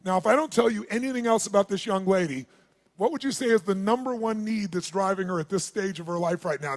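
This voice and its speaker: A man with a high voice for a man gives a motivational seminar in a large event hall, telling stories in an animated way. He keeps turning to the crowd and asks them to shout answers and raise their hands. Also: fast talker. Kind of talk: live seminar storytelling to an audience.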